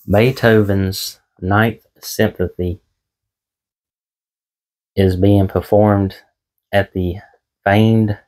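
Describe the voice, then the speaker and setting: A man's voice: lowish voice, flat delivery, very slow, long pauses, a little mellow. A man vlogging from his small home office, chatting casually and telling corny jokes in a folksy, self-deprecating way. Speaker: eBay reseller and vlogger.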